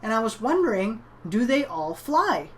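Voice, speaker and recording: A woman's voice: a little high, very animated, normal speed. A woman voicing a hesitant, sad little boy who asks wondering questions.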